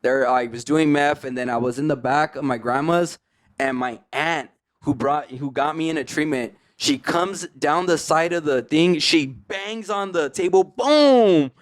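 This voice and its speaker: A man's voice: fairly high pitch, moderate pace. A man, a podcast guest in recovery, telling his story in casual slang, full of "like" and "you know what I mean".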